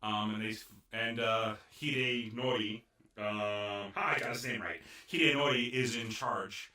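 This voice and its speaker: Man, podcast co-host, low-ish voice, bright edge, very echoey room. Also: a little slow. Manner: rambling, animated retelling with many restarts. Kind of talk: casual anime review chat.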